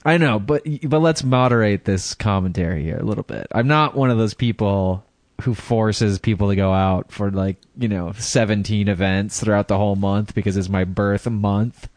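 Man, podcast co-host, laid-back, chuckles, lowish voice, dry sound. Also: moderate pace, darkish tone, dry recording. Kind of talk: casual chat.

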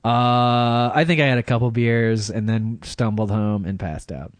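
A man's voice: mid-range voice, steady tone, a little slow, dry recording. A man on a podcast, telling a rambling story in casual chat, laughing through it. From Michigan. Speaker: podcast regular.

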